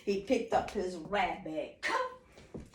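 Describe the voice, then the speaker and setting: A woman telling an oral folk tale in an animated, singsong way, repeating phrases rhythmically. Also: fairly low pitch, slow pace, slight background noise. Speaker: storyteller. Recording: echoey room, distant mic.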